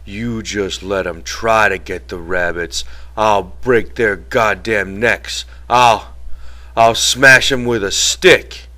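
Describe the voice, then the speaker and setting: A man voicing a big, simple-minded ranch worker who talks slowly and eagerly, like a child. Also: on the low side, sharp tone. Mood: childlike.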